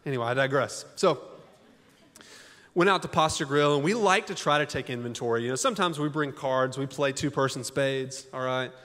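Folksy pastor, reverberant hall. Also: male voice, mid-range voice, a little fast, a bit bright. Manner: conversational, folksy preaching with rhetorical questions. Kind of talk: sermon. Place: church auditorium. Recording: long church hall reverb.

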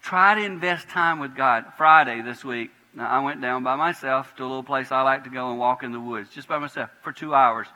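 A pastor delivers a lively sermon in a church sanctuary, his voice bright and piercing. He swings between quiet, prayerful passages and sudden emphatic bursts. A long reverb trails every phrase. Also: mid-range voice, fairly quick, hardly any pauses. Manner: animated preaching, swinging from hushed prayer to loud emphatic bursts.

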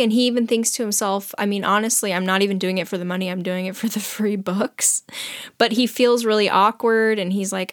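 A woman's voice: medium pitch, fairly even intonation, a little fast, no echo. Chatty woman retelling a story, lots of fillers, dry close sound. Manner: chatty, many fillers, acts out characters' thoughts. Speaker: book discussion co-host. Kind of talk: casual chat retelling a story.

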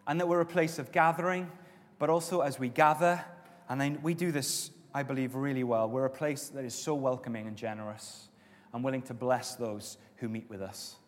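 A man preaching a sermon as pastor, with stretches of loud, emphatic exhortation and softer prayer. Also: medium pitch, fairly even intonation, moderate pace. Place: church auditorium. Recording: long reverb of a church hall.

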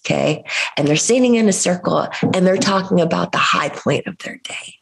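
A woman from the United States telling a personal story in an interview, in an animated, expressive way. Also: deep voice, vocal fry. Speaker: guest. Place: Los Angeles area.

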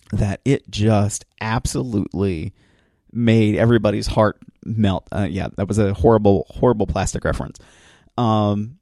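A man's voice: fairly low pitch, warm tone, no room sound, clean studio sound. A man casually recapping a TV episode for his listeners, retelling it with enthusiasm, rambling and restarting as he goes. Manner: enthusiastic storyteller, acts out quoted lines.

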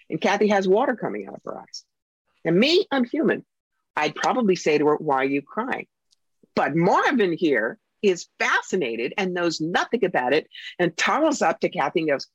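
A woman psychic and author telling stories in a casual interview, animated and acting out the voices of the people she quotes. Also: sits low, breathy edge, dry recording. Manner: animated storyteller who acts out quoted voices. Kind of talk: casual interview talk, storytelling. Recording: dull lo-fi recording.

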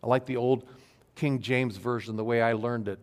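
A male pastor giving an earnest sermon to his congregation, stressing key phrases slowly. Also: medium pitch, steady tone. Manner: earnest, emphatic preaching with slow stressed phrases. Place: church sanctuary. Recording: long hall reverb.

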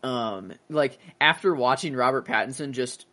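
A man's voice: mid-range voice, moderate pace, bright, forceful tone. A man hosting a casual podcast chat, rambling with many fillers and restarts. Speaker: podcast host.

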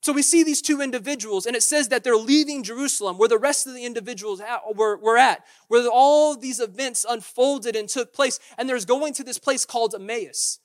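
High-voiced preacher, casual and lively. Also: male voice, brisk, hardly any pauses. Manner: conversational preaching with acted-out quotes and restarts. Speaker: pastor. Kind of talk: sermon.

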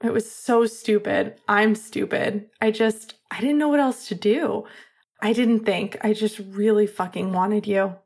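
A woman voicing an earnest young man who rambles, softly pleading and blaming himself. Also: mid-range voice, steady tone, measured pace, creaky, slightly rough.

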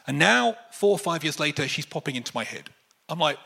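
A man preaching a sermon, telling a personal story and acting out the voices in it with animated swings. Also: brisk, vocal fry, husky. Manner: animated, acts out dialogue with wide pitch swings.

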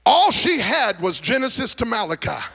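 A male pastor delivering a sermon to a congregation, moving from folksy storytelling to fervent shouted preaching. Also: very high voice, normal speed, creaky, slightly rough. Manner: animated preaching that builds to shouting. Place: church service before a congregation.

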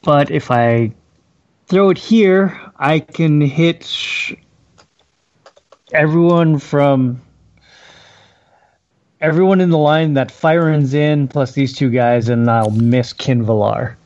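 A man at a tabletop game who talks slowly and hesitantly, working out his turn aloud. His voice sits a little high. The recording is dull and lo-fi. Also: darkish tone. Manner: hesitant, thinking aloud with pauses and fillers. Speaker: player (rogue). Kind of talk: casual tabletop play.

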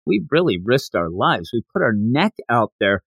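A man hosting a podcast, recapping a comic in animated casual storytelling. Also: medium pitch, normal speed, breathy edge, no echo. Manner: animated storytelling, slipping into character voices. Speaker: podcast host.

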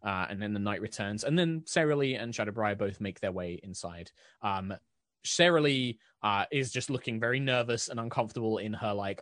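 A man running a tabletop game as game master, narrating in a relaxed way with many fillers. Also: lowish voice, a little fast, no room sound, clean studio sound.

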